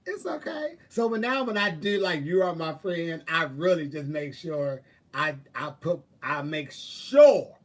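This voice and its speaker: A man with a slightly high voice talks with viewers in a loose, sassy way. He swears freely and throws out drawling asides. He sits a little back from the mic. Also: a little slow, distant mic. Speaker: live-stream host. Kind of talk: casual chat, answering viewers.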